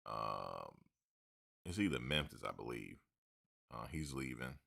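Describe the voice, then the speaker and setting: A man's voice: extremely low pitch, sing-song, unhurried, gravelly, fairly bright tone. A man hosting a sports talk show, rambling casually with slang and joking asides.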